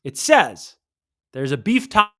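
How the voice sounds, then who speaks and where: Young man, livestream host, wry, lively, dry mic. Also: a little high, slow, dry recording. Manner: animated, reads posts aloud with wry asides. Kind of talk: casual livestream commentary.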